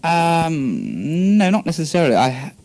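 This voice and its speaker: A man's voice: fairly high pitch, wildly swooping pitch, unhurried, a little mellow. A man in his twenties with an English accent, answering questions in a radio interview with many ums and restarts, on an old 1960s radio tape. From England. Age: 20s. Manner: hesitant, many fillers and restarts. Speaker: guest comedian and musician.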